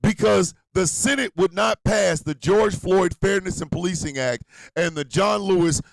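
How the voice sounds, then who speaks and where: A man hosts an internet radio show in a heated, profane rant. His voice is gravelly and sits slightly high. The recording is close and dry. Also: moderate pace, dry recording. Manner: loud, heated, profane, swings between shouting and muttering. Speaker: host. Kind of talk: ranting commentary.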